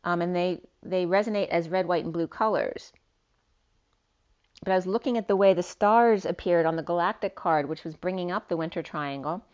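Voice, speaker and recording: A woman's voice: lowish voice, normal speed, darkish tone, smooth. A woman giving a rambling tarot reading, free-associating through wordplay. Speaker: tarot reader. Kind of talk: spiritual tarot reading monologue. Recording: dull lo-fi sound.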